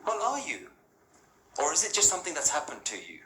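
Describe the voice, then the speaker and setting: With a voice on the high side and wildly swooping pitch, this man speaks briskly, pushed and bright, giving an interactive spiritual talk to a live hall audience. He's casual and rhetorical, questioning listeners and frequently checking in with "yeah?" and "right?". The echoey hall carries faint ambience and a little hiss or hum.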